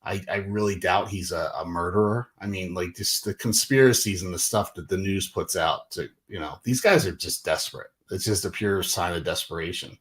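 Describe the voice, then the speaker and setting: A man, hosting a casual livestream with animated, exasperated talk full of fillers. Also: deep voice, normal speed, hardly any pauses. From Northeastern US. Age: 40s. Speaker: livestream host.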